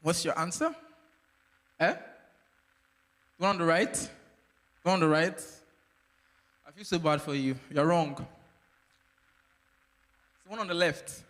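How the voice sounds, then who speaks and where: A man's voice: on the high side, lively intonation, measured pace, long pauses, a bit bright. A man hosting a playful live quiz at a workshop, teasing the teams and laughing often. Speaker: quiz game host at a workshop. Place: event hall. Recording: long hall reverb.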